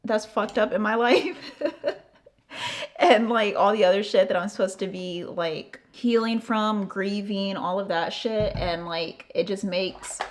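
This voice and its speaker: A young woman from the United States telling a casual storytime on her channel, animated and swearing freely, acting out the other person's lines and padding her talk with "like". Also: mid-range voice, unhurried, few pauses. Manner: animated, swearing, acting out quotes, frequent "like" fillers. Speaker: vlogger.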